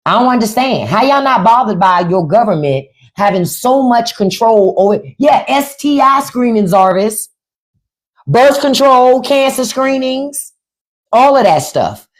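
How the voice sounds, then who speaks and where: Blunt, lively woman ranting to viewers. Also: fairly high pitch, unhurried. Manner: blunt, profane and sarcastic, addressing viewers directly; repeats phrases for emphasis. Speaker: livestream host. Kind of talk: unscripted livestream commentary.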